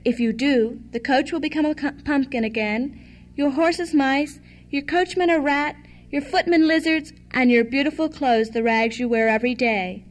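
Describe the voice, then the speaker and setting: A magical fairy godmother in a storybook fairy tale, kind yet firm in her instructions, as a woman reads her. She speaks with unhurried assurance in a high voice. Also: steady tone, lightly acted. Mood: kindly.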